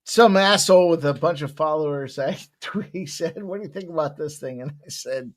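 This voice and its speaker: A man's voice: on the high side, normal speed. A man hosting a live betting stream, joking loosely and swearing as he hypes the bets. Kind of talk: casual live-stream banter.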